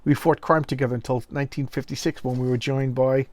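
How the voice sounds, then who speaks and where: An earnest male superhero pieces together a past he had forgotten, telling it with quiet pain, as a man reads him aloud. The voice sits at an ordinary pitch. The sound is dry and close, with no room around it. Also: flat delivery, quick pace, no room sound, lightly acted. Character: earnest male superhero, regaining lost memories.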